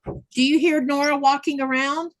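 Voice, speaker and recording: A woman's voice: high-pitched, steady tone, normal speed, poor audio. A woman hosting a sewing livestream, chatting casually and reading viewer comments aloud. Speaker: livestream host. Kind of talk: casual chat while sewing.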